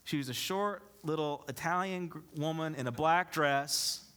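A man's voice: fairly high pitch, normal speed, a bit bright. A male pastor preaching a sermon, reading scripture aloud and explaining it with rhetorical questions to the congregation. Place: church.

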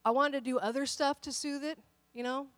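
A woman pastor in her thirties preaches with a high, bright-pitched voice, recorded dry and close with little room sound. She moves from quiet personal storytelling, acting out the voices in her story, to loud, emphatic calls to her listeners. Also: steady tone, a little fast, no room sound. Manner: personal storytelling, quotes voices in dialogue, builds to emphatic exhortation. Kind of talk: sermon.

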